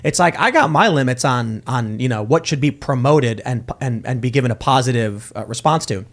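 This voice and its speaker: A man's voice: medium pitch, lively intonation, fairly quick. A man hosting a political talk show, arguing his point emphatically in casual chat. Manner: emphatic, argues with acted-out quotes. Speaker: podcast host.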